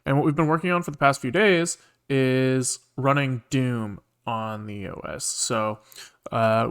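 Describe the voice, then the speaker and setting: A man's voice: medium pitch, fairly bright tone, smooth. Chatty man thinking aloud while coding. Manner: loose and chatty, thinking aloud with many filler words. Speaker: programmer streaming his coding work. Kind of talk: casual live-coding explanation.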